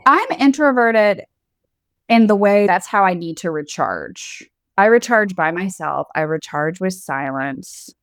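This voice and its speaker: A woman's voice: medium pitch, animated, unhurried, a bit bright, smooth, dry recording, studio quality. A woman co-hosting a podcast in casual chat, candid and playful, often laughing. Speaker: podcast co-host.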